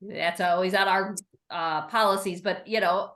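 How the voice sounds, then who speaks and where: A woman's voice: mid-range voice, steady tone, unhurried, a bit bright. A woman librarian in a roundtable discussion, sharing experience in a practical, matter-of-fact way with light laughs.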